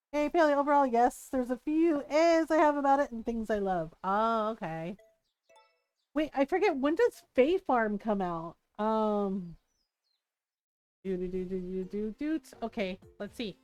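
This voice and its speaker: A woman's voice: fairly high pitch, expressive, unhurried, pauses often, a little mellow, smooth, dry recording. A woman in her thirties chatting casually while streaming a game, giggling and humming to herself.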